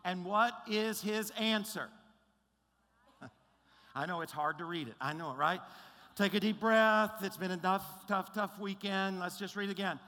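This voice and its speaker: A man's voice: high voice, a little slow, bright, forceful tone. A male pastor preaching a sermon in an emphatic, conversational way, often checking in with his listeners. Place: large church auditorium. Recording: long reverb of a large hall.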